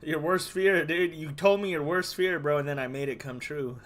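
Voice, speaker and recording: A man's voice: on the high side, moderate pace, hardly any pauses, fairly bright tone. Brash man ranting, dude-and-bro every line. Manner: profane, rambling, peppers every phrase with "dude" and "bro"; mocking and scornful. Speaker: gaming streamer. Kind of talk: casual live-stream rant.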